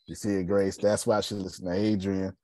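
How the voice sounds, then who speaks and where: A man hosting a casual group talk, animated and preachy, with a slangy way of talking. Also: low-pitched, a little fast, a crowd in the background. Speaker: host.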